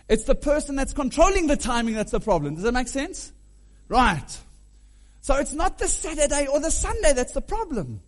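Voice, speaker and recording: A man preaching a sermon, animated, humming tunes and questioning his listeners. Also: very high-pitched. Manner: animated, hums and sings melodies aloud; asks the audience questions.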